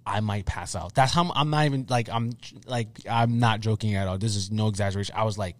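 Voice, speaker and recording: A young man co-hosting a podcast, chatting casually and telling a story with animated repetition for emphasis. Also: fairly low pitch, fast, no room sound. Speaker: podcast co-host. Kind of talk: casual chat.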